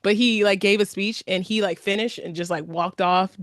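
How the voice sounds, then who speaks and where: A woman co-hosting a podcast, chatting casually and animatedly, laughing often between quick asides. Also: mid-range voice, fairly even intonation, dry recording, studio quality. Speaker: podcast co-host. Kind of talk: casual chat.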